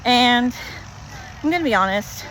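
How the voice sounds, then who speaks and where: Woman, walk-and-talk vlogger, animated storytelling, slightly high pitch, faint outdoor street noise. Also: unhurried. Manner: chatty, animated, lots of "like".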